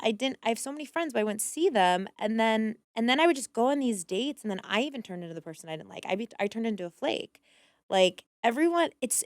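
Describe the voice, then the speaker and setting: Woman, podcast guest, casual chat, candid, swears a lot, smooth clear voice, dry close sound. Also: medium pitch, no echo. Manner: candid, swears freely, quick asides.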